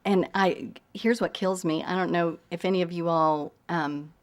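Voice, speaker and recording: A woman novelist with a softened Southern accent, answering questions thoughtfully with gentle pauses, then giving an unhurried, lyrical reading of her fiction. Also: fairly low pitch, fairly even intonation. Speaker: visiting novelist. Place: university lecture hall.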